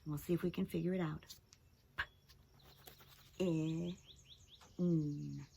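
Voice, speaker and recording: A woman teacher giving a children's phonics lesson, speaking clearly and encouragingly and breaking into song with the kids. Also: on the low side, fairly even intonation, rapid-fire, warm tone, a little hiss or hum.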